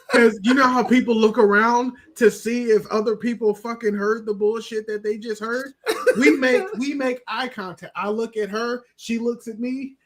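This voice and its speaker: A man co-hosting a podcast, telling stories in a casual, animated, profane way. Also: extremely high pitch. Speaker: podcast co-host. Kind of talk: casual chat.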